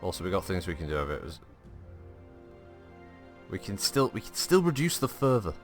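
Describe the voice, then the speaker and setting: A man giving casual, animated gaming commentary, laughing and swearing freely as he tells stories. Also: sits low, a little fast, faint music behind. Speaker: gameplay streamer.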